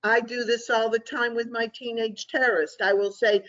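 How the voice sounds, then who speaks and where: Bright-voiced woman leading a webinar. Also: on the high side, animated, normal speed, hardly any pauses. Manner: conversational, checks in with "okay?" often. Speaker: webinar presenter. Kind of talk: online training webinar. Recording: dull lo-fi webinar audio.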